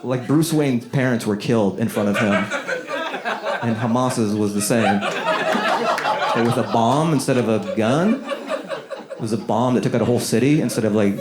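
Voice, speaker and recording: A man's voice: mid-range voice, measured pace, long pauses, a loud crowd. A man doing a loose, riffing stand-up comedy set in a small room with a live audience. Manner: loose, riffing, lively, swears freely. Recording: echoey room, audience laughter.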